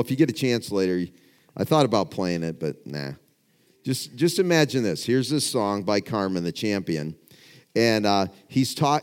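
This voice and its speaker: Low-voiced man preaching a sermon. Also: clean tone. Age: middle-aged. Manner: preaching with sudden hushed drops and rising emphatic questions. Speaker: pastor. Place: church before a congregation.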